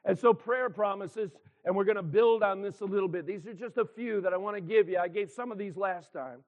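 High-voiced pastor preaching on a tinny line. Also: male voice, fairly quick. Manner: earnest, emphatic, asks the congregation for responses. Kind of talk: sermon. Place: church before a congregation. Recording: tinny phone-like sound.

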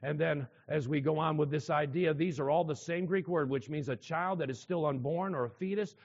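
A man's voice: a little high, brisk, darkish tone. A man preaching a sermon to a congregation, emphatic, repeating key phrases and asking the listeners questions. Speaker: pastor. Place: church hall with a congregation. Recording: dull sound with long hall reverb.

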